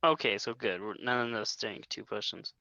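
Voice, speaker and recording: Brief: talkative tabletop player, bright lively voice, dull lo-fi mic, dry. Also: mid-range voice, normal speed, vocal fry, no echo. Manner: chatty, laughs often, narrates own character. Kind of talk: casual tabletop play.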